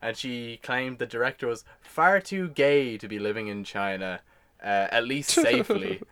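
Podcast co-host, man, bright clear voice, reads through notes, laughs a lot. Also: mid-range voice, very animated, normal speed. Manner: laughs often, goes through his notes one by one. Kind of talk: casual chat reading out film notes.

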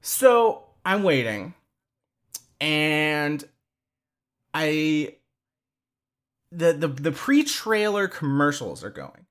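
A man co-hosting a podcast, telling a story in casual chat, animated and quick to swear, with many restarts. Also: on the high side. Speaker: podcast co-host.

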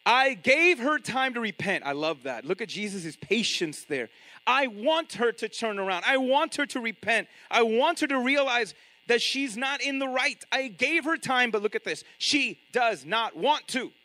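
A man preaching a sermon in an animated way, often acting out the voices of other people. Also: very high voice, moderate pace, no echo, low-quality recording. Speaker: pastor.

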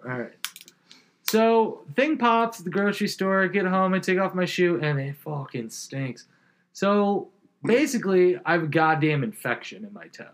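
A man's voice: high-pitched, expressive, moderate pace, a bit bright. Laughing, profane man telling a story. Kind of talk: casual chat.

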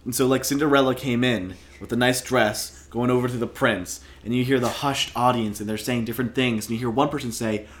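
A woman with an unusually deep voice joins a casual movie chat. She talks in a relaxed way and is easily amused. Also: brisk, hardly any pauses. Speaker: podcast co-host.

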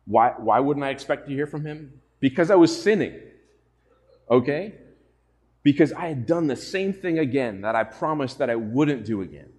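An earnest male pastor preaching to his congregation at a middle pitch. He keeps turning to the room with direct questions. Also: lively intonation, moderate pace, a little mellow. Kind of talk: sermon.

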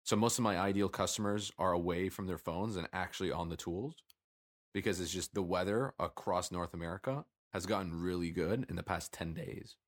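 A man with a very deep voice talks through his business numbers in a casual, reflective chat. His sentences often stop and restart, and he comes through a video call. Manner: reflective, halting, with frequent restarts. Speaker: business owner and podcast co-host.

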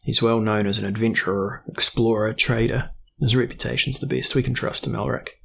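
A man voicing a gruff count who speaks bluntly in grunts. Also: medium pitch, fairly even intonation, a little fast, fairly bright tone. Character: gruff male count at a feast.

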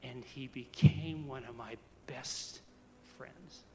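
A man's voice: mid-range voice, slow, gravelly, a little hiss or hum. A man preaching a storytelling sermon in a folksy, earnest way, laughing at his own jokes. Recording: long hall reverb, faint ambience.

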